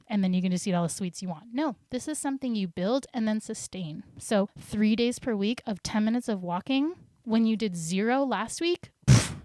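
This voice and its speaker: A woman's voice: medium pitch, darkish tone, dry recording, clean studio sound. A woman health coach in a solo podcast, talking in an upbeat, encouraging way and acting out her clients' voices.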